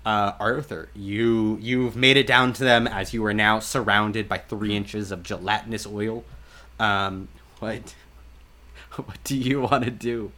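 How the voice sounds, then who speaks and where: A man's voice: lowish voice, fairly even intonation, slow pace, sharp tone. A man narrating a tabletop game as game master, casual and rambling with many fillers.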